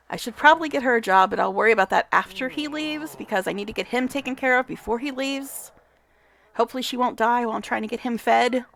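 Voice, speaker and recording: A woman's voice: on the high side, gravelly, a bit bright, slight background noise. A woman giving casual gameplay commentary, chatty, talking to the game characters, swearing and laughing often. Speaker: gamer vlogger.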